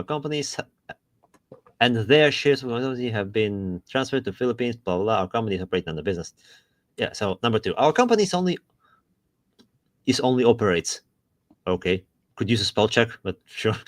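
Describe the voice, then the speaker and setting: A man's voice: mid-range voice, no echo. A man co-hosting a casual podcast chat, reading text aloud with dry asides and frequent laughs. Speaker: podcast co-host.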